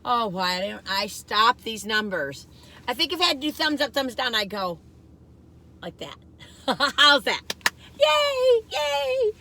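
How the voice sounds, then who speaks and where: Bright-voiced chatty woman vlogger. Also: fairly high pitch, expressive, unhurried. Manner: chatty and rambling, laughs often, talks while eating. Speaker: vlogger doing a food taste test. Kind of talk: casual chat.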